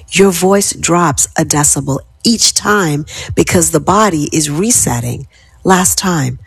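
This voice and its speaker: A woman hosting a wellness talk, leading listeners through calming affirmations in a measured, soothing way and dropping to whispers on key words. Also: lowish voice, breathy edge, no echo. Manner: slow, measured, soothing delivery that drops to whispers. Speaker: wellness host.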